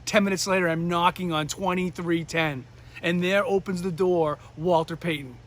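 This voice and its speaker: New hampshire guy telling a story on stage, high voice, acts out everyone. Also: moderate pace. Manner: animated, acts out the voices of people in his story. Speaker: motivational speaker. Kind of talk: storytelling speech.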